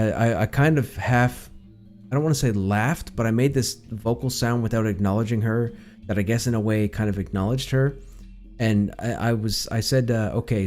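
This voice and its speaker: A man streaming and casually telling a long story, rambling with frequent restarts, in a calm voice that others call soothing. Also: fairly low pitch.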